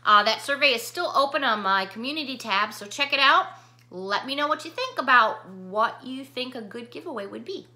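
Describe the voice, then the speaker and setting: A woman's voice: a little high, lively intonation, moderate pace, bright, forceful tone. A middle-aged woman vlogging casually, effusively thanking viewers for cards between bursts of frustration. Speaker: YouTube vlogger. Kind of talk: casual chat showing mail to viewers.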